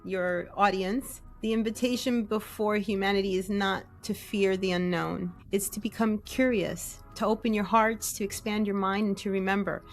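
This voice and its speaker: Animated woman telling a spiritual story. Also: medium pitch, moderate pace, hardly any pauses, soft background music. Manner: animated storyteller, acts out her own inner voice. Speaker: guest, essence maker. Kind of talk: casual interview storytelling.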